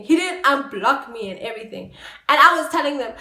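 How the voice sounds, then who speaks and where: A young woman hosting a podcast, telling a personal story in a casual, animated way. She swings from quiet to loud exclaiming and swears freely. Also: high voice, a little fast. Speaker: podcast host. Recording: echoey room.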